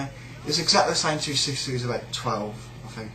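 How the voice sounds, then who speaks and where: A man's voice: medium pitch, fast talker, pushed and bright, echoey room, soft background music, poor audio. A man with a British accent ranting in a sneering, rambling, sweary way about a coworker. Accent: British English. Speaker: shop worker. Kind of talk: casual rant.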